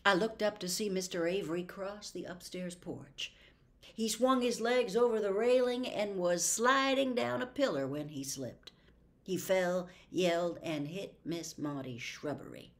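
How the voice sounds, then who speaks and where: A woman narrating a classic novel as an audiobook in a deliberate reading manner. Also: lowish voice. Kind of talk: scripted narration.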